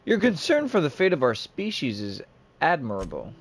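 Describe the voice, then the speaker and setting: A man's voice: a little high, huge pitch swings, normal speed. A man hosting a gaming channel, rambling casually while he plays. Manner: rambling and chatty. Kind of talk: casual let's-play commentary.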